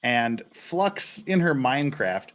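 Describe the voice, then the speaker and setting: Animated, laughing man hosting a stream. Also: medium pitch, slow pace. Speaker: livestream host. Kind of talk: casual livestream chat.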